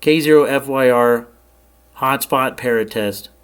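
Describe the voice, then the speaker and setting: A man hosting a radio programming tutorial, explaining settings in a plain, relaxed way and checking in with the viewer now and then. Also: medium pitch, measured pace, smooth. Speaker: ham radio tutorial host. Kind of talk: casual screen-share tutorial.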